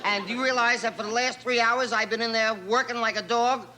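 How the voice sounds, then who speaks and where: A man doing a guest spot in a TV sketch, with a rapid, rambling comic delivery. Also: extremely high pitch, fairly even intonation, pushed and bright, slight background noise, poor audio. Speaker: comedian guest. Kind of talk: sketch comedy. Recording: 1960s TV broadcast with studio audience.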